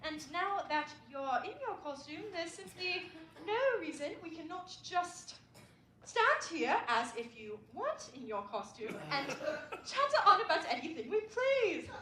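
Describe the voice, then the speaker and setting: A woman's voice: very high voice, sing-song, sharp tone, heavily acted. A girl playing a gushing theatrical actress. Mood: flustered. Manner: theatrical, gushing, drawn-out vowels. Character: gushing, flamboyant stage actress wife. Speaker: student actor in a school stage play. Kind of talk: stage play performance. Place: school auditorium stage. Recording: echoey auditorium, faint hiss.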